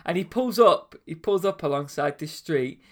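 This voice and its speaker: A man telling anecdotes in a casual chat, animated and acting out the voices of people in his stories. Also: on the high side, normal speed.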